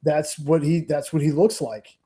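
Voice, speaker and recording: Mellow-voiced enthusiastic man chatting. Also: fairly high pitch, steady tone, a little slow. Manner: enthusiastic, repeats himself. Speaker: podcast co-host. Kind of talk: casual chat.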